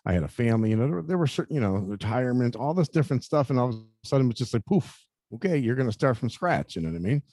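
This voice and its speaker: A man in his fifties telling a personal story in an interview, earnest and halting, often repeating words and saying "you know". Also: mid-range voice, expressive, warm tone, no room sound, studio quality. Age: 50s. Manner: earnest, confessional. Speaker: interview guest.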